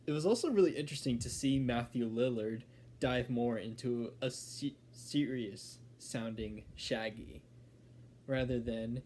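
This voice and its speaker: A man casually reviewing an animated film, rambling with self-corrections and chuckling. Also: mid-range voice. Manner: rambling, fillers and restarts, chuckling.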